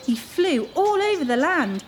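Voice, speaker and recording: A woman hosting a children's story show, reading a storybook aloud in an expressive, animated way. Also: high voice, unhurried, slight background noise. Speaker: children's story reader, host.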